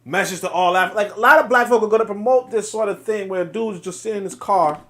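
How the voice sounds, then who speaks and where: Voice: medium pitch, fast, bright, forceful tone. A commentator reacting to a played clip in a blunt, profane and sarcastic way.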